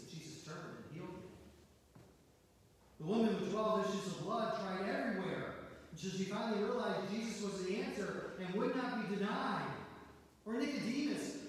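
A man preaching a sermon as pastor, earnestly quoting scripture in a church auditorium. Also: high voice. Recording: echoey hall, mic far off.

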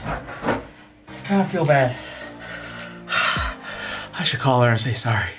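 A woman vlogging casually about her workout and cooking, chatty and playful, counting reps out loud. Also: rumbling low, lively intonation, takes it slowly. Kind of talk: casual workout vlog chat. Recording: echoey room with music playing.

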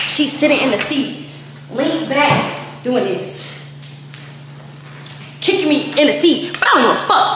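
A young woman in her twenties casually telling a profane story to camera, acting out quoted lines with big jumps in pitch. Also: fairly bright tone. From Texas. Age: 20s. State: out of breath at times. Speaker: storytime vlogger. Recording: echoey room with faint noise.

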